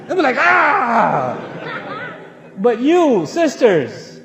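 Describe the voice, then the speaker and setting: High-pitched animated male preacher. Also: roomy sound, big-room sound. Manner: animated storytelling with humor, shifting between loud and soft. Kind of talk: lively religious talk.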